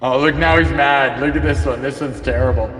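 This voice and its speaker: A man's voice: mid-range voice, fairly even intonation, fairly quick, fairly bright tone, big-room sound, slight background noise. A man hosting a livestream, chatting casually to viewers in an amused way. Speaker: livestream host.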